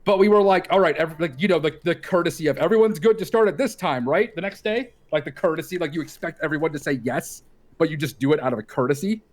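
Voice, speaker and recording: A rapid-talking man with a fairly high voice tells friends an exasperated story in a voice chat, swearing and acting out the other people's lines.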